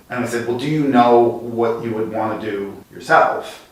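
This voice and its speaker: Man telling stories in an echoey room. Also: medium pitch. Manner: lively anecdotes with quick bursts. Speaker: guest, design executive. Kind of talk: conversational storytelling. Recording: very echoey room, distant mic.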